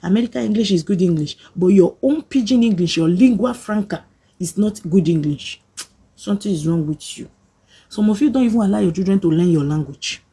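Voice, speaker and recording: Woman, Nigerian accent, breathy husky tone, dark warm sound, scolding vlog rant. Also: mid-range voice, brisk. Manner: emphatic, scolding, mixes pidgin into English. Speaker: vlogger. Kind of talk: opinionated rant to camera.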